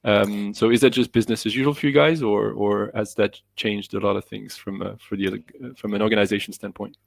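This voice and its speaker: A man's voice: fairly low pitch, fairly even intonation, quick pace, gravelly, dry recording. A man hosting a casual video-call interview, asking teasing, joking questions. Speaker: host, interviewer.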